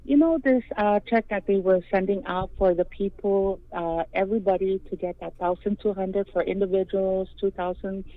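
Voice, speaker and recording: A woman's voice: medium pitch, fairly even intonation, normal speed, few pauses, no echo. A woman calling into a radio show, polite and apologetic, asking questions in a rambling way. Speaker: caller. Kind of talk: phone-in question. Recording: tinny phone line.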